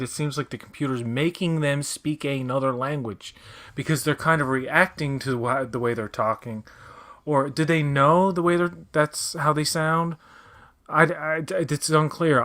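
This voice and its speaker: A man's voice: medium pitch, fairly bright tone. A man co-hosting a casual watch-along, talking through his thoughts with restarts and trailing sentences. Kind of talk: casual commentary chat.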